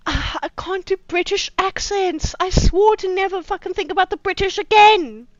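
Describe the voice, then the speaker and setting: A woman's voice: very high-pitched, measured pace, dry recording. A woman from South Africa, reading fanfiction aloud on a live stream and mocking it with sweary, incredulous asides. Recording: dry, slightly dull home stream audio.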